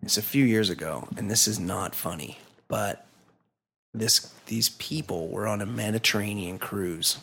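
A man's voice: on the low side, a little slow, gravelly, bright, forceful tone, husky. A man co-hosting a podcast, telling a news story in a rambling, profane way, with lots of fillers. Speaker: podcast co-host. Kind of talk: casual chat.

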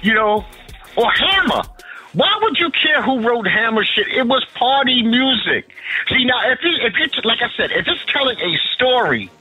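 A high, very lively man from Harlem holds forth in a loose, profane chat, tripping over restarts as he pushes his opinions. His voice is sharp and bright, with faint music playing behind him. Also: slightly rough, poor audio. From Harlem, New York. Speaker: podcast co-host. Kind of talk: casual chat.

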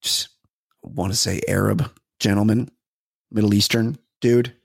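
A man's voice: on the low side, steady tone, a little slow, vocal fry, slightly rough, dry recording, studio quality. A man co-hosting a comedy podcast, telling rambling, profane stories full of restarts in casual chat. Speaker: podcast co-host.

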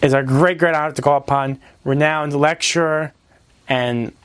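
A man hosting an event, making quick announcements and introducing the next speaker. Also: a little high, steady tone, a bit bright, clear, resonant tone, dry recording. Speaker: event host.

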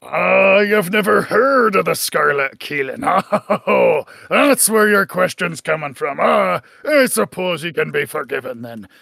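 Man voicing a gravelly pirate captain, boastful and gruff, slow and drawling, for a tabletop game. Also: high voice, expressive, bright, forceful tone, dry recording, exaggerated voice. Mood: amused. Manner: growling pirate talk, "arr" and "me".

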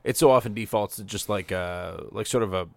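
A man co-hosting a casual podcast, animated and jokey, with sarcastic asides. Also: lowish voice, brisk, vocal fry, no room sound. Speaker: podcast co-host.

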